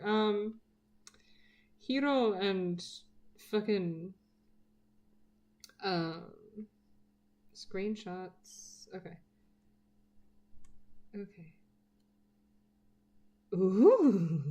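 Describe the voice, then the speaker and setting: A woman's voice: mid-range voice, dark tone. A woman chatting casually while drawing on a live stream, rambling and swearing freely, often dropping to a murmur as she works. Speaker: art streamer.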